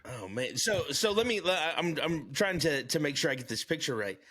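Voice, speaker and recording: A man's voice: on the high side, expressive, normal speed, a bit bright. A man hosting a podcast interview, mostly giving short reactions and asking clarifying questions. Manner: brief backchannel replies, clarifying questions. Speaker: podcast host.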